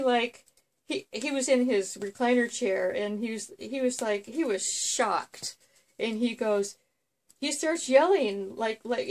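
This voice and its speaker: Brief: woman host, slightly high voice, rambling casual storyteller. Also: a little mellow. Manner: rambling storyteller with many fillers. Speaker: vlog host. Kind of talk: casual chat.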